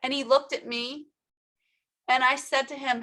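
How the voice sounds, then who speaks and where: Female motivational speaker, high and bright, emphatic, addresses the audience directly. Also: fairly even intonation, moderate pace, pauses often. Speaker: workshop speaker. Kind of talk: motivational personal story talk.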